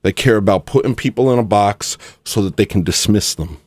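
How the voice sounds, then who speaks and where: A man's voice: fairly low pitch, a little slow, a little mellow, no room sound. A man hosting a livestream and talking casually in a rambling, sarcastic way, dismissing a critic in his chat. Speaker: livestream host.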